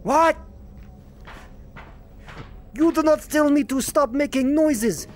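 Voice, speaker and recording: A man's voice: extremely high pitch, slow pace, a little hiss or hum, voice pushed up. A man voicing a boisterous vodka-obsessed Russian soldier with a put-on Russian accent and broken English. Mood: boastful. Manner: broken English, loud and theatrical.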